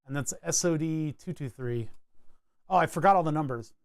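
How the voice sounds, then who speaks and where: Male stream host, slightly high voice, dry close mic, rambling jokey tech talk. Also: moderate pace, no echo. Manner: chatty, rambling, jokey asides while reading datasheets. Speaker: PCB design streamer. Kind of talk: casual live-stream walkthrough.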